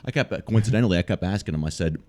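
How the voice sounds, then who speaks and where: A man's voice: low voice, animated, racing, dark tone. An American man telling a trip story in casual, profane podcast chat. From United States. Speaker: guest storyteller.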